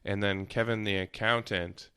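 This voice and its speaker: A man hosting a podcast, talking casually in a hesitant, halting way with many ums and uhs. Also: lowish voice, fairly even intonation, pushed and bright, smooth. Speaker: podcast host. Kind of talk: casual chat.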